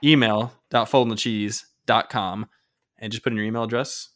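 A man co-hosting a casual podcast, joking around and giving listener shout-outs. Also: on the low side, steady tone, normal speed. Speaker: podcast co-host.

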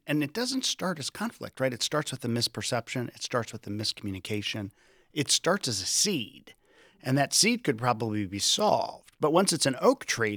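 A man's voice: medium pitch, a bit bright, no room sound, clean studio sound. A man hosting a casual group discussion, thinking aloud and acting out quoted lines in different tones. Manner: reflective, acts out quoted lines with shifting tone. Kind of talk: conversational discussion.

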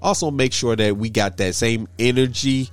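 A man co-hosting a casual chat, talking in an earnest, measured way and restarting phrases. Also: mid-range voice, no echo, soft background music.

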